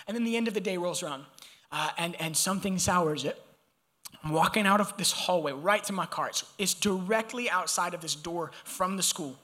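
A young man from Georgia preaching a sermon, telling a personal story in an animated, conversational way and talking straight to the congregation. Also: sits high. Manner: animated, conversational, addresses audience directly.

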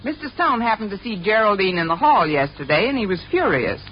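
A woman's voice: mid-range voice, big pitch swings, a little hiss or hum, natural voice. A woman playing a wisecracking schoolteacher. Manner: flustered, joking, quick quips. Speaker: English teacher. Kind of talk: 1950s radio sitcom acting. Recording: dull old radio recording with studio audience laughing.

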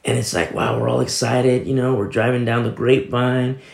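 Gravelly-voiced man preaching in echoey room. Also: medium pitch, little pitch movement, normal speed. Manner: conversational, storytelling preaching with scripture quotes. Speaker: pastor. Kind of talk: sermon.

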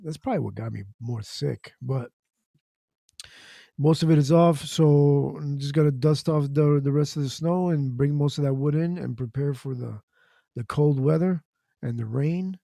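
Gravelly, mellow-voiced man chatting. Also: a little high, moderate pace, dry recording, studio quality. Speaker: co-host. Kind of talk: casual podcast chat.

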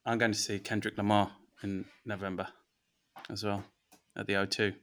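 A man hosting a podcast in casual chat, upbeat and quick with encouraging replies. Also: on the low side, flat delivery, a bit bright. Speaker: podcast host.

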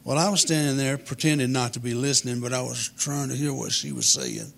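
Gravelly man telling a funny story. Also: medium pitch, a little fast. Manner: folksy, deadpan understatement. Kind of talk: humorous storytelling.

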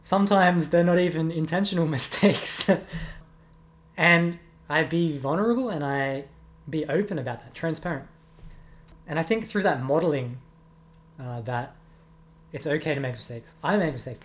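A man's voice: on the high side, normal speed. A young man, a music teacher giving earnest, reflective interview answers with many ums. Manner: earnest, reflective, with frequent ums and self-corrections.

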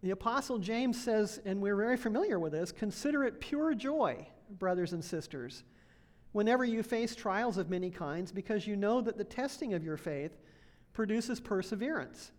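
A woman's voice: mid-range voice, expressive, normal speed, a little mellow. A woman, an associate pastor, preaching a conversational sermon in a church, laughing now and then and checking in with the congregation. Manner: conversational, laughs often, asks congregation questions.

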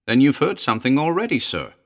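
A man's voice: medium pitch, sing-song, fast talker, a bit bright, pitched above the performer's own voice. A man voicing a nervous middle-aged housekeeper who speaks jerkily and reluctantly in a ghost story reading. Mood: fearful. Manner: jerky, uneasy, pleading.

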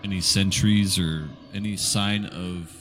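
A man's voice: sits low, steady tone, slow pace, a bit bright, slight background noise. A man playing a tabletop game, asking careful, hesitant questions about the scene. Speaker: player. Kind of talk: casual tabletop play.

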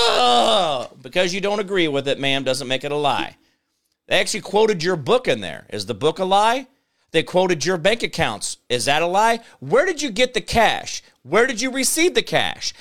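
Brief: male show host, high, bright voice, sarcastic ranting commentary.

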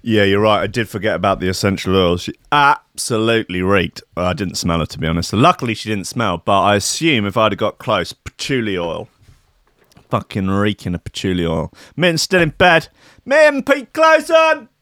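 A man hosts loose solo commentary, playful and full of swearing. His voice sits low. The sound is dry and close, with no room around it. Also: brisk, a bit bright, dry recording. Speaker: host.

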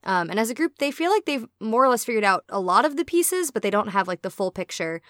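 A woman's voice: medium pitch, big pitch swings, fast talker, fairly bright tone, dry recording, clean studio sound. A woman co-hosting a casual chat, retelling a story with quoted lines and the odd swear. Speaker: podcast co-host.

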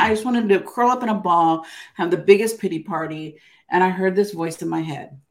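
A woman's voice: fairly low pitch, fairly quick. Emphatic older woman telling her story. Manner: emphatic, keeps adding "right?". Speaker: interview guest, author. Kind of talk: casual interview storytelling.

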